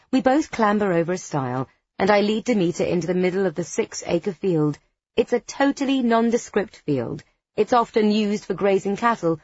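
A woman's voice: mid-range voice, a little mellow, no echo, muffled recording. A woman narrating a first-person story in a wry, conspiratorial tone with dry understatement. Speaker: audiobook narrator.

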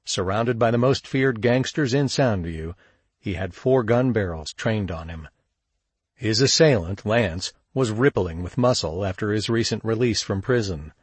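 A man narrating a crime story in a steady, measured audiobook read. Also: fairly low pitch, husky, dry recording. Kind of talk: scripted narration.

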